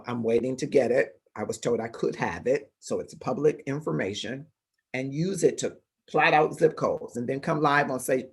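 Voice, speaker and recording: A middle-aged man from Detroit hosting a livestream, telling a story in a deliberate, conversational way with fillers and self-corrections. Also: medium pitch, breathy edge. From Detroit, Michigan. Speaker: livestream show host. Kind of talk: casual storytelling monologue. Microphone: livestream microphone.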